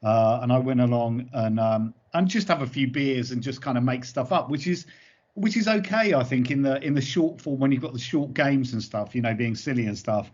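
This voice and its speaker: A male comedy performer giving interview answers as an animated, rambling storyteller. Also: mid-range voice, normal speed. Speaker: comedy double-act performer. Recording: dull lo-fi recording.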